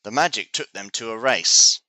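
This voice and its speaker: A man teaching English, reading a children's story aloud slowly and clearly. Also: lowish voice, pushed and bright, dry recording. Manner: slow, clear, deliberate reading.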